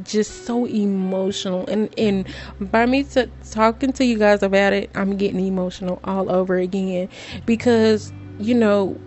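A woman's voice: mid-range voice, a little mellow. A woman podcast host, talking straight to her listeners in an emotional, preachy way. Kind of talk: casual monologue.

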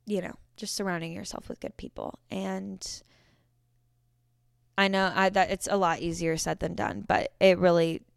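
A woman's voice: on the low side, expressive, normal speed, creaky, clean tone, no echo, clean studio sound. A young woman in her twenties hosting a solo podcast, chatty and rambling, often correcting herself mid-sentence. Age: 20s. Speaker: podcast host. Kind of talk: casual solo podcast talk.

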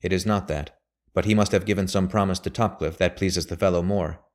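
A man's voice: low voice, steady tone, fairly quick, natural voice. A man reading aloud, voicing a grave, shrewd elderly lawyer who speaks emphatically. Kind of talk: audiobook character voice.

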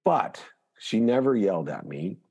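A man guest on a podcast, telling a personal story in an animated, emphatic way. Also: fairly low pitch, a little slow, husky. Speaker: guest, motivational speaker.

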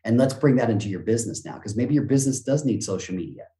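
A man who talks like a motivational speaker, bouncing his pitch up and down as he acts out little quoted scenes and gasps. His voice sits at an ordinary middle pitch, and the recording has a noticeably echoey room around it. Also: lively intonation, fast talker, warm tone. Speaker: motivational speaker and business coach, podcast guest. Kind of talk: energetic conversational interview talk.

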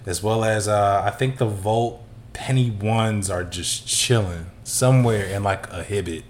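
A man's voice: lowish voice, measured pace. Laid-back podcast co-host, man, faint hiss. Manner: laid-back, laughs easily. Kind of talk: casual chat.

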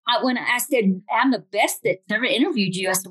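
A woman's voice: on the high side, fairly quick, few pauses, slightly rough, no room sound, rough recording. An older woman with a Southern accent from Tennessee, giving a humorous, folksy motivational talk full of stories. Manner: folksy, humorous, animated storyteller. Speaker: motivational speaker.

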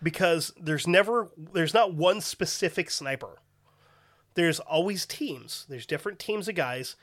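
Dude hosting a podcast, swears a lot, rambles around, voice sits a bit high. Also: male voice, measured pace, a bit bright. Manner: profane, rambling storyteller. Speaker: podcast host. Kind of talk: casual chat.

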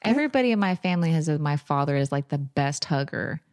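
Lower-voiced woman telling animated anecdotes. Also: quick pace. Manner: animated storytelling, laughs often. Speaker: podcast co-host. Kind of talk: casual chat.

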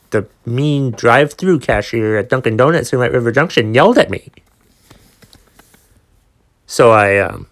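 A young man rants through a solo podcast episode, swearing often and circling back over his own points in exasperation. His voice sits at an ordinary middle pitch, and he talks the way one vents to friends. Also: fairly bright tone. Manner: exasperated, profane ranting storyteller. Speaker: podcast host.

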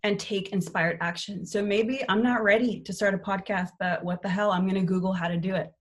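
A woman's voice: mid-range voice, steady tone, fairly quick. A young adult woman hosting a live online motivational workshop, upbeat and candid, swearing casually as she coaches. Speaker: workshop host and life coach.

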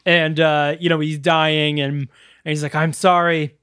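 A man's voice: on the high side, flat delivery, unhurried, fairly bright tone, clean tone, no room sound, studio quality. A man hosting a podcast, casually recapping a movie, laughing often and acting out quotes. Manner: laughs often, acts out quotes in silly voices. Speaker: podcast host.

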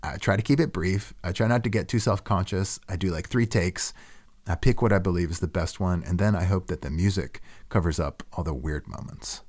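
A man's voice: low-pitched, brisk, darkish tone. A man hosting a podcast, talking casually and self-deprecatingly about his own work. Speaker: podcast host. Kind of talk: casual reflective monologue.

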